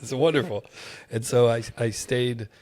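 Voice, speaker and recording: A man's voice: medium pitch, normal speed, dry recording. A man telling a travel story with lots of energy and frequent laughs in a casual interview conversation. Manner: animated storyteller, laughs often. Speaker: podcast conversation partner.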